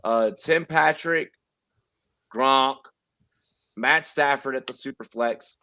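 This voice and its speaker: A man's voice: mid-range voice, slow pace, pushed and bright, no echo. A man hosting a casual fantasy football stream, talking in a brash, profane, rambling way. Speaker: podcast host. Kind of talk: casual sports chat.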